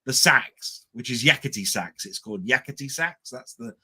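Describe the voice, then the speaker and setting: A man's voice: mid-range voice, expressive, normal speed, sharp tone, slightly rough. A man co-hosting a casual livestream chat, telling stories in a rambling, stop-start way with lots of repeated words. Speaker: livestream co-host.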